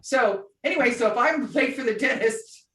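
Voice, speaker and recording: Speaking at a moderate pace in a slightly high voice, a woman co-hosting a podcast spins a chatty, animated story and performs the quoted voices. A distant mic picks her up in an echoey room.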